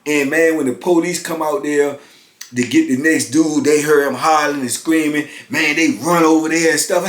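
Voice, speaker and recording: A man in his fifties spins a story with easy street slang, leaning on "man" and "you know" as he goes. His voice sits a little high for a man. The room around him is echoey and roomy. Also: steady tone, normal speed. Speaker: storyteller recounting prison life. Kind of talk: casual storytelling. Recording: roomy echo.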